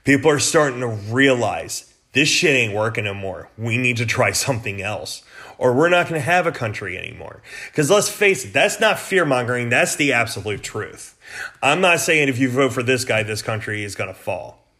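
A man's voice: mid-range voice, big pitch swings, moderate pace, sharp tone. A man hosting a political podcast, delivering an angry, profane rant in a blunt, heated way. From United States.

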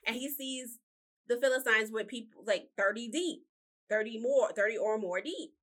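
A woman's voice: a little high, normal speed, a bit bright. A woman telling a Bible story in a loose, chatty monologue filled with fillers and asides, recorded indoors. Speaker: vlogger retelling a Bible story.

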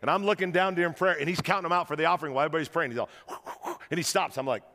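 A man preaching a sermon to a church crowd, telling stories in an animated way and rousing the audience, in a large auditorium. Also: on the high side, rapid-fire, big-room sound. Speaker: guest pastor.

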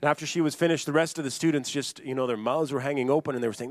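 A man's voice: mid-range voice, fairly even intonation, very fast, no room sound. A man delivers a sermon in a mid-range voice, earnest and emphatic. He restates his points and turns straight to his listeners. The recording is dry and close. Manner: earnest, repetitive preaching with emphatic restatements and direct address. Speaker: pastor.

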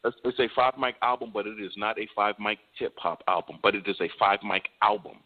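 A man in casual hip-hop debate chat, animated and insistent, pressing his partner with questions. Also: fairly low pitch, a little fast. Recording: tinny phone-like sound.

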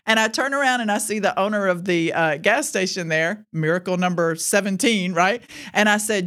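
A woman hosting a ministry show, telling a testimony story in an animated way, often laughing and slipping into quoted voices. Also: mid-range voice, moderate pace, few pauses. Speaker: ministry host.

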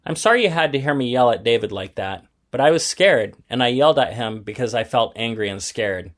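A man's voice: medium pitch, lively intonation, fairly quick, lightly acted. A man reading aloud and voicing a patient, fair mother explaining things to her sons in a children's story.

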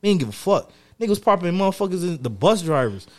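A man's voice: sits high, sing-song, quick pace. A man co-hosting a podcast, trading loose, profane, joking banter in casual chat. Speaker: podcast co-host.

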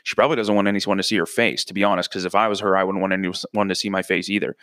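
Young guy w a low voice rambling thru a crude funny story, dry sound. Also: flat delivery, rapid-fire, fairly bright tone, no echo. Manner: profane, rambling and self-mocking. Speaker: comedic storyteller.

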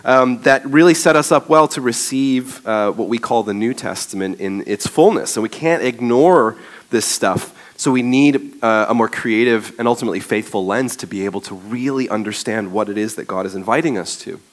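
A man's voice: mid-range voice, moderate pace. A male pastor preaching a sermon in a conversational way, with frequent ums and uhs.

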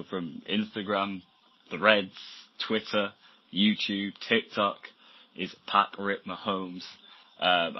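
A man's voice: low-pitched, slightly rough. A man chatting casually as a podcast guest in a laid-back way. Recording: dull lo-fi sound.

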